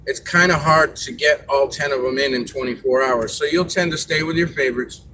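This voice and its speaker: A man's voice: medium pitch, fairly quick, pushed and bright, a little hiss or hum, low-quality recording. A man hosting a live stream, chatting casually and giving advice, rambling a little with fillers.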